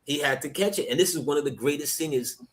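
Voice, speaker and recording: A man's voice: on the high side, fast talker. A man in casual podcast chat, reminiscing enthusiastically and laughing along. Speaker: podcast co-host.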